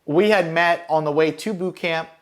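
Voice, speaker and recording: A man's voice: on the high side, normal speed. A man, a military veteran from Los Angeles County, telling war stories in a casual, profane, rambling way with lots of fillers. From Los Angeles County, California. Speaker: Marine combat veteran guest. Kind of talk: casual storytelling.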